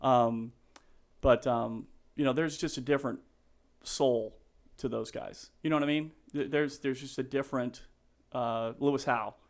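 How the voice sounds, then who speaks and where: A man's voice: mid-range voice, fairly even intonation. Earnest real estate guy on a podcast, mid voice, lots of uhs and restarts. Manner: halting, full of restarts and fillers; earnest, gets emotional and laughs. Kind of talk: casual interview chat.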